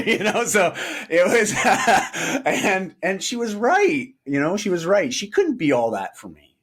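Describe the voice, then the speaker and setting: A middle-aged man tells a personal story as a podcast guest, animated and quick to laugh, acting out the voices of the people he quotes. His pitch sits fairly high and swings widely. The tone is husky and slightly rough. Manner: animated, laughs often, acts out quoted dialogue. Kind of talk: storytelling in a casual interview.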